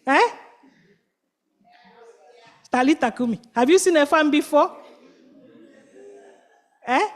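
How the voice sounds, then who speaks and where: A woman telling a children's story at church, animated and quizzing the listeners with call-and-response questions. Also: sits high, slow pace, long pauses.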